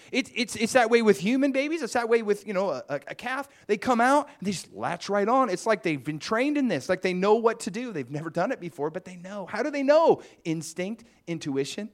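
A man's voice: high-pitched, sing-song, normal speed. A man preaching a conversational sermon, musing aloud with asides to the congregation. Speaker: pastor.

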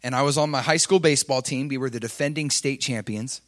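A middle-aged man preaching, telling a personal story with swings between loud intensity and quiet confession. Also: medium pitch, fast talker. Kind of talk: sermon storytelling.

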